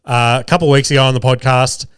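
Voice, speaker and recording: A man's voice: medium pitch, fairly even intonation, fast talker, a bit bright, clean tone, no room sound, clean studio sound. An Australian man hosting a podcast, chatting loosely and swearing as he picks bets, under the weather with a cough. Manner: rambling, swears often, many restarts and fillers. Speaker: podcast host. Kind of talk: casual sports betting chat. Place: small studio. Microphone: studio mic.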